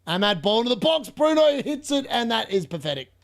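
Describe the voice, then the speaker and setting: Excitable high-voiced man streaming live. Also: fairly quick, vocal fry. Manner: excitable, laughs often, talks to chat. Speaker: fantasy football streamer. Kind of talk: live match watch-along commentary.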